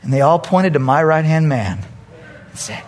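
A male pastor preaching a sermon, telling a funny story and acting out the quotes loudly. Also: a little high, expressive, normal speed.

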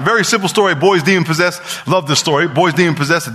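A man's voice: a little high, fast, sharp tone. A man preaching a sermon as pastor, emphatic and repetitive, often stumbling and restarting his words. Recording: long reverb of a large hall.

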